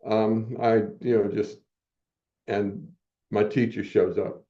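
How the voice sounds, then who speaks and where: A man's voice: fairly low pitch, fairly even intonation, slow, dark tone, highs cut off. A man in his seventies telling personal stories as a podcast guest, motivational and acting out quoted dialogue. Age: 70s. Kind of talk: personal storytelling in a podcast interview.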